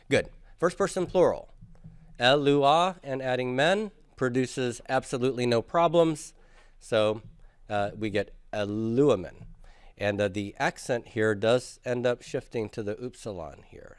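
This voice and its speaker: A man's voice: medium pitch, clean tone, dry recording. A man teaching a classroom grammar lecture, patiently drilling students through forms and asking them to repeat after him. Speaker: Greek teacher.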